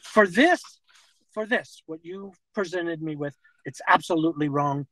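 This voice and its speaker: A man's voice: a little high, a bit bright, low-quality recording. Rambling, nervous middle-aged man. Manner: rambling, halting, nervous laughter. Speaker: confronted man. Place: parked car outside a fast-food restaurant.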